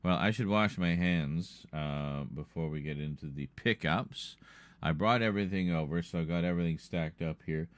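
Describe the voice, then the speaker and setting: A man's voice: rumbling low, moderate pace, clean tone, no echo, studio quality. A man hosting a livestream in loose, rambling casual chat, often breaking into laughter. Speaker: livestream host.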